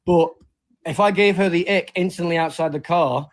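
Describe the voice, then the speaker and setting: A man's voice: fairly high pitch, moderate pace, poor audio. Heated man defending himself. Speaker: livestream participant. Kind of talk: casual group call.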